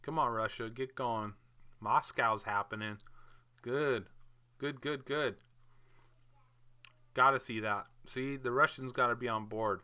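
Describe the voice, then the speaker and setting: A crypto market video host casually walks his viewers through the charts on a screen share, sounding chatty, hyped and offhand. His medium-pitched voice is smooth but sharp in tone, at a moderate pace.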